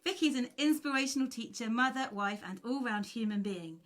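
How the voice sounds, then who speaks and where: A woman's voice: on the high side, brisk. A woman musician from Cornwall hosting a live stream, chatting casually, laughing often and reading out viewer messages. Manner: giggly, often breaks into laughter; reads out viewer messages warmly.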